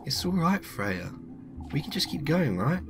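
A man voicing a sweet, secretive young woman in a game, gentle and coaxing. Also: on the high side, big pitch swings, a little slow, music in the background, pitched above the performer's own voice.

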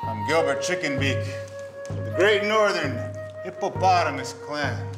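An actor playing a self-important drum keeper who speaks in grand, solemn, mock-mystical proclamations. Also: male voice, on the high side, lively intonation, measured pace. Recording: roomy echo with music behind.

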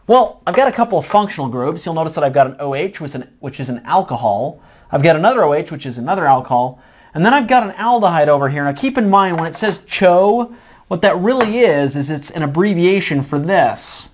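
A man's voice: a little high, lively intonation, a little fast. A middle-aged man teaching chemistry at a board in a casual, folksy lecture. He keeps asking himself questions aloud and then answering them. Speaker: chemistry tutor. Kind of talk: whiteboard lecture.

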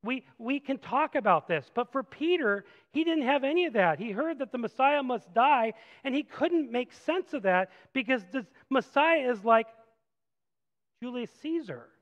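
A man preaching a sermon as pastor, animated, moving from loud acted-out quotes to quiet reflective passages. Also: extremely high pitch, normal speed, in a large hall, muffled recording. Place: church sanctuary.

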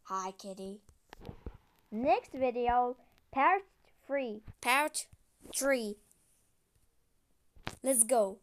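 A woman telling a homemade story video and voicing its characters, speaking halting, broken English with restarts. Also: fairly high pitch, animated.

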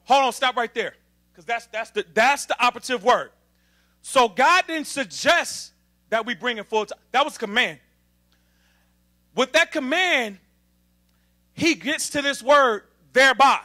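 A man preaching an emphatic sermon to a congregation, calling for responses from the pews and building up to shouting. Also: very high voice, animated, a little slow, long pauses. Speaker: assistant minister.

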